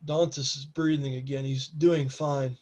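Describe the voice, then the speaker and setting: A man voicing a calm, protective male warrior who speaks slowly and gently. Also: medium pitch, natural voice.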